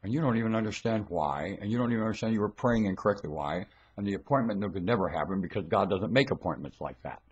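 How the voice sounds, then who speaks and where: A man giving a rambling, scornful religious monologue into a webcam at home, dropping to low mutters and then bursting into shouts. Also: lively intonation, fast talker, hardly any pauses, breathy edge, dull audio. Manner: preachy, scornful, lectures the listener.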